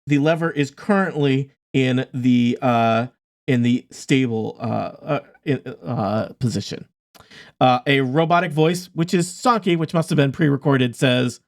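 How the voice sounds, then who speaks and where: A man running a tabletop game as game master, narrating in a relaxed way with many pauses. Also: on the high side.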